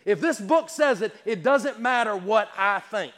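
A male preacher delivering a sermon at a church service, emphatic and repetitive, firing rhetorical questions and stumbling over quick restarts. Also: high voice, lively intonation, a bit bright, long reverb tail. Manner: stammering restarts.

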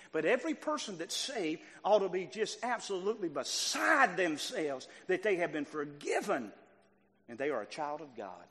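A man preaching a sermon, emphatic and repetitive, swinging from quiet stretches to loud bursts. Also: fairly high pitch. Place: church sanctuary. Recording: long reverb of a hall.

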